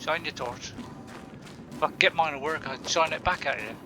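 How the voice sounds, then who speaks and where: A man's voice: fairly high pitch, moderate pace, pushed and bright, a little hiss or hum. A man rambling casually through gameplay commentary, chatty and laughing often, talking to himself. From Bristol, England. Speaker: gaming channel host.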